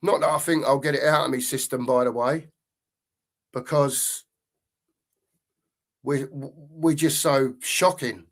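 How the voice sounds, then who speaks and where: A man's voice: medium pitch, fairly even intonation, slow, long pauses. A middle-aged man hosting a live football stream, ranting angrily and swearing, often repeating himself. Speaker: podcast host.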